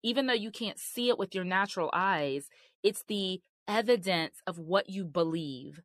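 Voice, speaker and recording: A woman's voice: mid-range voice, moderate pace, no room sound. A woman host giving sermon-style marriage teaching, earnest and emphatic in a conversational way.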